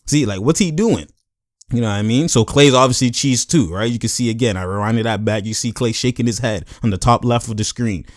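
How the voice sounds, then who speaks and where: A man's voice: mid-range voice, no echo, studio quality. A man hosting his own channel, breaking down a game clip in loose, slangy casual talk and now and then acting out what the players say. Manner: loose and slangy, repeats filler phrases; acts out players' lines in quick put-on voices. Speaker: YouTube host. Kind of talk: casual sports commentary over a game clip.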